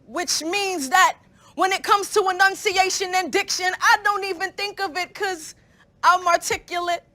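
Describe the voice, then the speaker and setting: A woman's voice: very high voice, fairly even intonation, normal speed, sharp tone. A young woman, a student poet, performing spoken word poetry with a rhythmic, rhyming, emphatic delivery.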